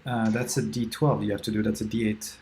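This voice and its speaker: A man's voice: on the low side, level tone, fairly quick, crowd noise. A man playing a tabletop game, checking rules and numbers. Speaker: player. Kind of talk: casual tabletop play. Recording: keyboard clicks behind.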